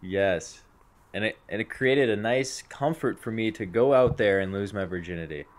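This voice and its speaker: A man's voice: fairly low pitch, moderate pace. A young man co-hosting a podcast, telling crude rambling stories, laughing often and acting out both sides of a conversation. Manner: rambling storyteller, laughs often, acts out voices. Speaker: podcast co-host. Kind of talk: crude casual podcast banter.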